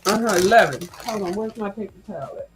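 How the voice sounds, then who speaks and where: Woman host, mid-range voice, loud crunchy snacking chat, teasing and foul-mouthed. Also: mid-range voice, lively intonation, quick pace, over music, rough recording. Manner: sassy, blunt, cusses freely, chews loudly into the mic. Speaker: livestream host. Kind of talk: casual chat while snacking.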